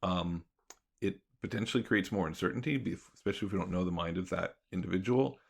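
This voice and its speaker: A man's voice: low voice, fast, vocal fry, husky. A man, a guest economist and professor, explaining his ideas in a thoughtful, conversational podcast interview.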